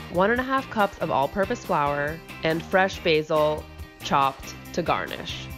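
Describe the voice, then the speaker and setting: Upbeat, lower-voiced woman cooking host. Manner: chatty and upbeat, with casual fillers. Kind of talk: casual cooking chat and recipe voice-over.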